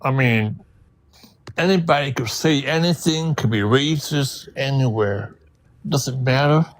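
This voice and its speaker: A man's voice: medium pitch, measured pace, dry recording. A man calling into a livestream, rambling and confused. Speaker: caller. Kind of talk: casual call-in chat.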